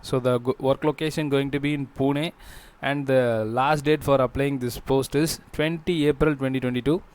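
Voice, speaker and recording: Halting man, smooth voice. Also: mid-range voice, fairly even intonation, a little mellow. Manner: halting, with frequent fillers and restarts. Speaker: job-listings channel host. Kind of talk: screen walkthrough narration.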